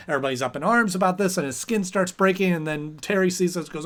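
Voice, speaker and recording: Talking fast with hardly any pauses, a host with a fairly high, a bit bright voice gives a casual chat review of an episode. He rambles with lots of fillers and briefly acts out characters.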